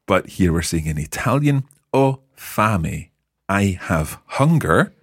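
A male teacher with a low, slightly husky voice that rises and falls with lively pitch as he leads a lesson. He questions his students patiently and praises them often. The sound is close and dry. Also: takes it slowly, dry recording. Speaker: language teacher. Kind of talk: guiding a language lesson.

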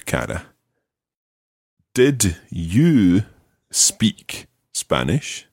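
A man's voice: sits low, dry recording, studio quality. A man teaching Spanish one to one, patient, repeating each word for his student. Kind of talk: one-to-one language lesson.

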